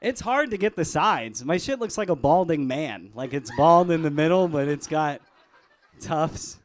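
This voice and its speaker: A man doing a live stand-up set in a club, deadpan, chuckling at his own jokes. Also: fairly high pitch, a little slow. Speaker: stand-up comedian. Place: comedy club stage.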